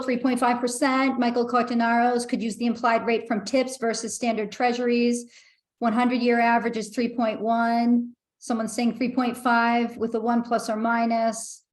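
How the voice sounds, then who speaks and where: A woman's voice: fairly high pitch, reverberant. A woman hosting an online meetup over a video call, chatty and reading out comments from the chat. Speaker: meetup host.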